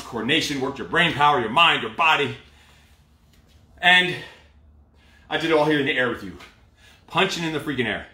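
A man, a fitness trainer, calling out workout combos and giving a blunt, profane pep talk, out of breath. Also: medium pitch. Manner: shouted drill cues, profane motivational talk. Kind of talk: live workout coaching. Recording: echoey room, from far off mic.

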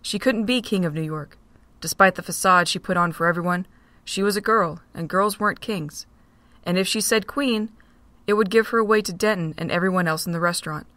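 Woman reading a fan audio drama, bright voice, dry close sound. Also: fairly low pitch, fairly quick, no room sound. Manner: steady storytelling. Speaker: narrator.

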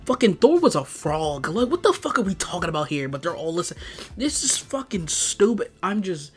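In a video review, a high-pitched man with a breathy edge rants in exasperation, swearing and saying "like" constantly. His pitch swings widely and he talks fairly quickly, with soft music playing in the background.

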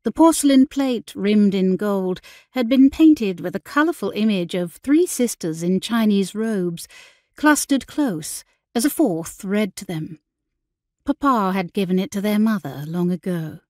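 With a mid-range voice, a woman narrates a period audiobook from a script in a measured, expressive storytelling style. The studio recording is clean, with no room sound.

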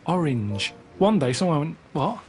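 A man, musing slowly and earnestly in a casual chat. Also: a little high, sing-song, over music. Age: 30s. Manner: slow, plodding, earnest musings. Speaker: co-host.

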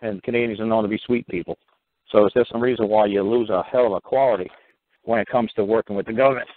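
A blunt middle-aged man with a New York accent, cursing and repeating himself as he lectures a caller. His voice sits on the low side and comes through a tinny phone line. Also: steady tone, quick pace. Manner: blunt, profane, emphatic, repetitive. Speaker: talk show host. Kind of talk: animated call-in show advice.

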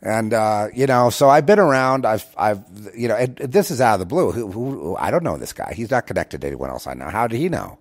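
Rambling, preachy man, lowish voice. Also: big pitch swings, a little fast, few pauses. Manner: rambling, repetitive, preachy, many restarts. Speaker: show host. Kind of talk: emotional monologue to listeners.

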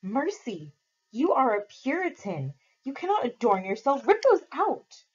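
A woman's voice: a little high, very animated, a little slow, husky, muffled recording, pitched above the performer's own voice, exaggerated voice. A woman voicing a defiant Puritan captive girl who talks in an insistent, scolding way.

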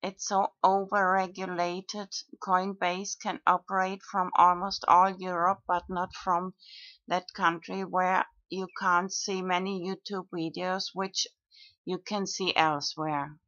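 A woman talks through her own video comments in a slow monologue, pausing often between fillers. Her pitch sits low and barely moves. The recording is dry and dull, with a muffled lo-fi tone. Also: no room sound. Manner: slow, flat, with frequent pauses and fillers. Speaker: video blogger.

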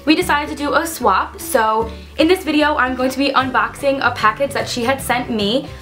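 A woman's voice: high voice, normal speed, a bit bright, soft background music. A young woman vlogging casually at home, bubbly and gushing, squealing with delight as she talks. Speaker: beauty vlogger. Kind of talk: casual unboxing vlog.

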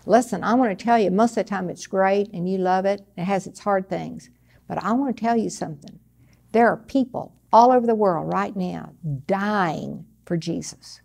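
A woman's voice: medium pitch, normal speed, vocal fry, darkish tone. A woman minister preaching a sermon, dramatic, dropping to a near-whisper when quoting and rising again. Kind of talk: televised sermon.

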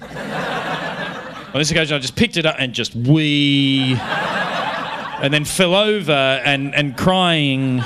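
A man in his thirties doing a stand-up comedy routine on stage, telling an animated, self-mocking story with lots of restarts. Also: fairly high pitch, slow, pauses often, noisy background. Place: comedy venue stage before a live audience.

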